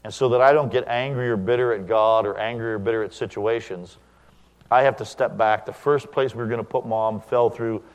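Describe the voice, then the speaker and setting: A middle-aged man, a pastor, preaching a sermon, animated when he acts out quoted dialogue and quiet when he reflects. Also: fairly low pitch, fairly quick, smooth, long reverb tail.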